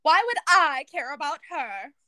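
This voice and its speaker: A woman's voice: high-pitched, animated, normal speed, no echo. Woman playing a biting, wounded princess. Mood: scornful. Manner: sharp dramatic reenactment.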